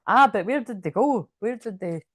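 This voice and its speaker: A woman's voice: on the high side, expressive, normal speed, slightly rough, dry recording. Chatty woman reading tarot, laughs a lot, dry close sound. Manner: chatty, giggly, reads card messages aloud. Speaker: tarot reader.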